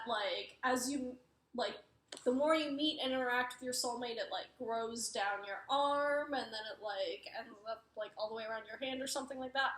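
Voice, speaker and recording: High-voiced young woman rambling about books. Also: a bit bright. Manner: rambling, many fillers and "like". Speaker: book reviewer. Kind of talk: casual book review. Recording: roomy echo.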